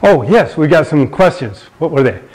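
A man's voice: fairly high pitch, sing-song, moderate pace, darkish tone, husky, poor audio. A man in his sixties hosting a live fitness show, explaining exercises while demonstrating them and answering viewer questions. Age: 60s.

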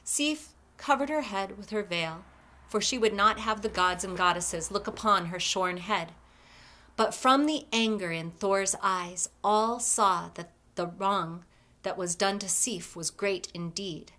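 Brief: library storyteller, woman, measured expressive read-aloud. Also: mid-range voice.

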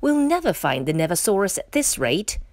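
A woman's voice: medium pitch, sing-song, normal speed, darkish tone, dry recording, close to an everyday voice. Woman playing a brave little rhino kid, stubborn, bouncy voice, dry sound. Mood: determined. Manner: bold, stubborn. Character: small brave boy rhinoceros, grumpy when thwarted.

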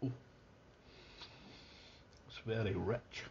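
A man's voice: on the low side, steady tone, drawn-out words, creaky, darkish tone, lo-fi sound, a little hiss or hum. A man with a Scottish accent giving a casual, enthusiastic beer tasting review, thinking aloud as he goes. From Scotland.

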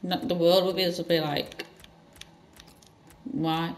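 A gaming channel host giving rambling let's-play commentary with sudden loud outbursts. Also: medium pitch, fairly even intonation, moderate pace, slight background noise.

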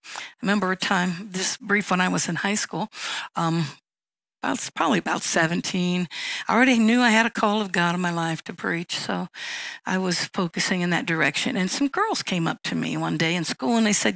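Gravelly woman pastor preaching. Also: on the low side, moderate pace, fairly bright tone, no echo, poor audio. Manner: conversational teaching, reads scripture aloud, acts out little dialogues. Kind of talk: sermon.

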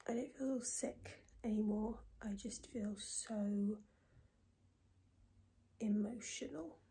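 A woman in her twenties talking casually in a video diary, soft and breathy, often near a whisper, low and tearful. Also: fairly even intonation. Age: 20s. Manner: soft, breathy and often close to a whisper, with many pauses and fillers. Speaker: vlogger.

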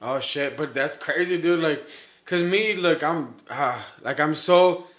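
Bright, higher-voiced podcast host. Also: male voice, a little slow. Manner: loose, rambling, mixing in Spanish slang. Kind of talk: casual podcast chat.

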